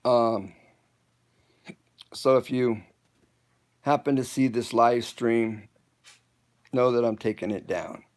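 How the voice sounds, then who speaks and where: A man chatting casually on a phone live stream from an indoor room, halting and rambling with many restarts. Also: medium pitch, fairly even intonation, darkish tone. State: hiccups. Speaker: home improvement vlogger.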